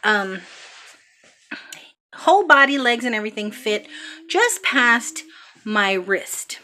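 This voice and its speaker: A woman telling a heartfelt story about her son's birth in a casual vlog, with many pauses and ums. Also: on the high side, big pitch swings, pushed and bright. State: out of breath. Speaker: vlogger, mother.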